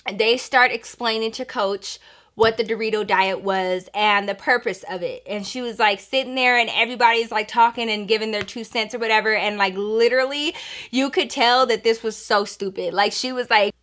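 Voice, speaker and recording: A woman vlogger telling a casual story in an animated, chatty, profane way. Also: fairly high pitch, normal speed.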